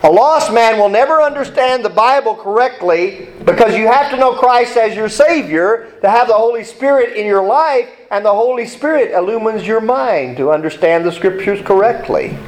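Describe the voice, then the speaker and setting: A man's voice: sits high, animated, moderate pace, hardly any pauses, low-quality recording. A male pastor preaching an emphatic sermon, repeating key points and asking the congregation to read along.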